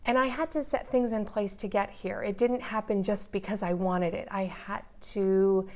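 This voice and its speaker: An interview guest, a woman in her forties, recounts her own story in vivid, earnest detail. Her pitch is at a typical middle height for a woman, her tone steady and her speed normal, and the intensity rises as the story goes on.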